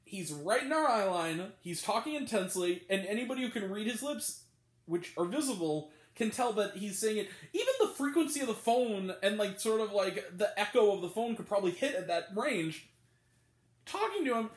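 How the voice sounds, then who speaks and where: A man giving a casual movie review, talking in an animated, sarcastic way and often breaking into laughter. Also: high voice, moderate pace. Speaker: film reviewer. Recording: roomy echo.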